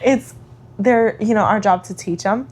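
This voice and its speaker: A young woman co-hosting a casual podcast about motherhood, talking in a chatty, animated way with plenty of fillers. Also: mid-range voice, a little slow. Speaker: podcast co-host. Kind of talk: casual chat.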